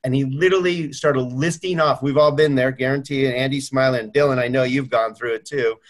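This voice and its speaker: A middle-aged man talks over a video call, earnest and warm in his storytelling. He slips into other people's voices when quoting them. His voice sits in a mid range. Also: medium pitch, steady tone, a little fast. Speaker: mortgage company owner. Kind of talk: video call tribute chat.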